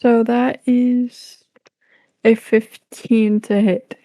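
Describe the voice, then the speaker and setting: Higher-voiced woman player, unsure of rules. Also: little pitch movement, extremely slow, warm tone, no room sound. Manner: unsure, asks about rules. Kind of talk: casual tabletop play.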